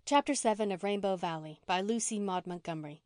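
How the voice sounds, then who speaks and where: Reading a classic novel aloud, a woman delivers scripted audiobook narration that is measured and expressive. Her pitch is medium, and the recording is dry, clean studio sound.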